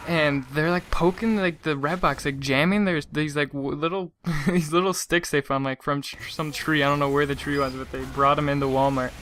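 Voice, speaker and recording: A young man tells a long, meandering story in a loose, chatty way, stumbling and restarting often. His voice has a bright, forward edge. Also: mid-range voice, a little hiss or hum. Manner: rambling, lots of "like" and restarts, laughing asides. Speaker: gaming channel host. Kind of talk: casual storytelling rant.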